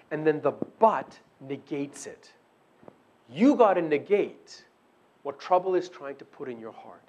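A man preaching a sermon and praying, earnest, moving between hushed prayer and emphatic, repeated declarations. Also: mid-range voice, dull audio. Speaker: pastor.

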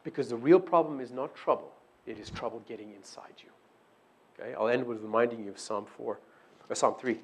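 A man preaching a sermon and praying, earnest, moving between hushed prayer and emphatic, repeated declarations. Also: medium pitch, a little fast, breathy edge. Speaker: pastor.

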